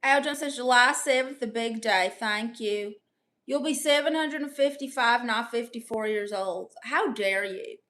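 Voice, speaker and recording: A woman's voice: a little high, normal speed, a bit bright. A woman doing a comedic livestream in character, brash and playfully boastful as she reads out chat messages.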